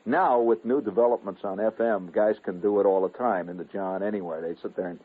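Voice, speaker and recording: A man's voice: lowish voice, a little fast. A man in his fifties from the United States, telling a rambling, digressive radio story with chuckling asides. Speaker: radio host. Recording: narrow, phone-like old radio broadcast.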